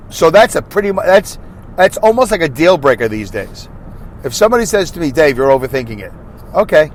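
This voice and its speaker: Rambling man talking while driving. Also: fairly high pitch. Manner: rambling, full of fillers and self-corrections. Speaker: podcast host. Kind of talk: solo rambling monologue. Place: car driving on a highway. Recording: faint road noise in a moving car.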